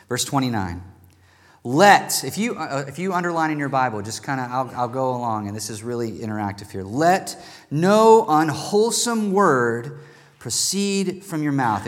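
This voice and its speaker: Man preaching in an echoing hall. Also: mid-range voice. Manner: animated, emphatic preaching with rising bursts. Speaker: pastor. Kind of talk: sermon. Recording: long reverb in a large hall.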